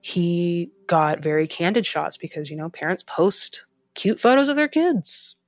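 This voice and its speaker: A woman's voice: lowish voice, very animated, a little slow. A woman who is a friend of the subject, speaking frankly and reflectively. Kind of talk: reflective testimony.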